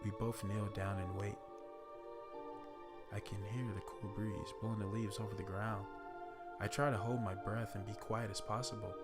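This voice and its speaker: A man casually reading a first-person horror story, relaxed and profane in a conversational way. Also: on the low side, normal speed, pauses often, over loud music.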